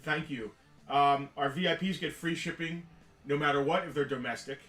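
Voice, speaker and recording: A man's voice: a little high, normal speed, a bit bright, soft background music. A man co-hosting a live toy sale, chatting casually and explaining at length. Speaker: co-host and toy seller. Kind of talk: casual live-stream sales chat. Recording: echoey room, mic at a distance.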